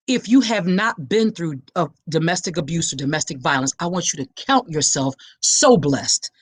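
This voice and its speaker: A woman's voice: medium pitch, dry recording. A woman hosting a live awareness talk, preaching straight to her listeners with passion. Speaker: podcast host and survivor advocate. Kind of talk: live-streamed awareness talk, reading comments.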